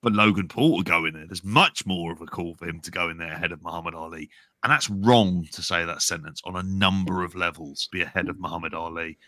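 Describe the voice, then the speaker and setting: A man's voice: deep voice, fast talker, sharp tone, no room sound, studio quality. A man co-hosting a podcast, giving blunt, wry opinions and swearing freely. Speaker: podcast co-host. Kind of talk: casual podcast chat.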